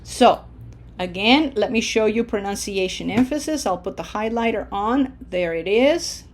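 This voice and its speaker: Slow, patient woman teaching Spanish. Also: medium pitch, lively intonation. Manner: slow, patient, drills with repetition. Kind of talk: recorded language lesson.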